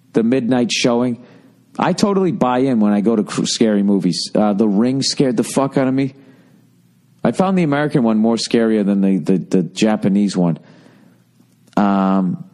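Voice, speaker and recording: With a medium-pitched, somewhat dark voice, this comedy podcast host goes through listener mail in a loose, sweary rant. He rambles and leans on sarcasm throughout.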